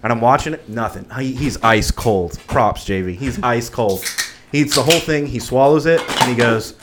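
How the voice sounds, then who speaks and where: A podcast host telling a story in a casual chat, relaxed, joking and swearing. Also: male voice, mid-range voice, normal speed, noisy background.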